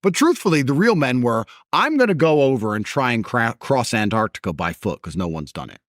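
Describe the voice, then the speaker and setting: A man's voice: mid-range voice, big pitch swings, brisk, no echo, clean studio sound. A man talking as a podcast guest in a blunt, emphatic, mocking way. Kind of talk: podcast conversation.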